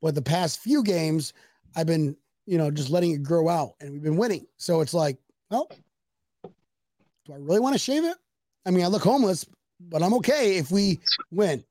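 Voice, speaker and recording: A man's voice: fairly high pitch, expressive, normal speed, warm tone, dry recording. A man co-hosting a casual sports chat, rowdy and joking, swearing and slipping into silly voices. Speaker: podcast co-host.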